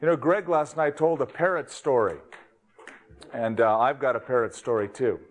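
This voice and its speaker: A man's voice: medium pitch, moderate pace. A man preaching a sermon, opening with a joke in an easygoing, folksy storytelling manner. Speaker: pastor.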